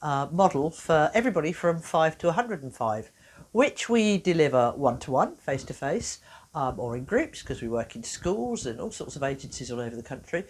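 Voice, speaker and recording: A woman, a therapist giving a playful, expressive workshop talk with self-mocking humor. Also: on the low side.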